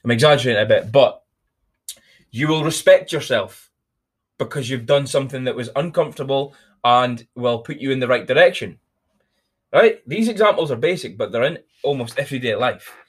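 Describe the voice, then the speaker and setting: A man's voice: medium pitch, animated, moderate pace, husky. A young man hosting a motivational podcast, talking bluntly and energetically with plenty of swearing. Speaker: podcast host.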